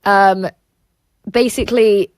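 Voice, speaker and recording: A woman's voice: mid-range voice, fairly even intonation, takes it slowly, clear, resonant tone, no echo. A woman hosting a casual livestream, reading chat aloud and rambling with lots of "like" and "um" fillers.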